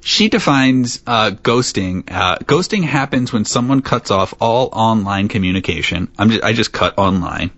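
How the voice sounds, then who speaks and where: A man's voice: on the low side, expressive, normal speed, hardly any pauses, fairly bright tone, no echo. A man hosting a podcast in casual chat, playful and laughing often as he leads the topic. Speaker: podcast host. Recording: dry, slightly dull lo-fi sound.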